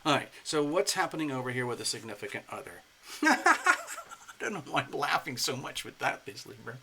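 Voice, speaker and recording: A man giving a casual spoken tarot reading in an expressive, playful way, slipping into acted asides. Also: mid-range voice, fairly quick, vocal fry, a little hiss or hum. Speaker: tarot reader.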